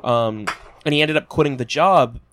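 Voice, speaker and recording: A man's voice: mid-range voice, moderate pace, a bit bright, slight background noise. A man telling a story in a casual podcast chat, hedging with fillers as he goes. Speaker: podcast guest.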